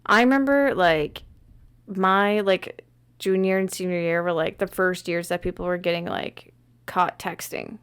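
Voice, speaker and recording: A woman's voice: fairly low pitch, fairly even intonation, a little slow, fairly bright tone, smooth. A woman in her thirties co-hosting a podcast, chatting casually and telling stories with plenty of "like" fillers. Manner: chatty storyteller, lots of "like" fillers. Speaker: podcast co-host. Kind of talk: casual chat.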